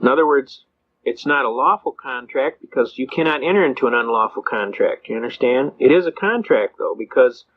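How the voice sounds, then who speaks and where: A man's voice: mid-range voice, animated, a little fast. An older man speaking to an audience, folksy and storytelling, acting out the voices of people he quotes. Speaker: speaker on constitutional law. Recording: slightly dull lo-fi recording.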